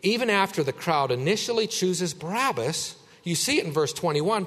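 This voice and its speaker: A man's voice: sits high, animated, normal speed, few pauses. Emphatic male pastor in echoing church. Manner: emphatic, swings between raised and hushed. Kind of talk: sermon.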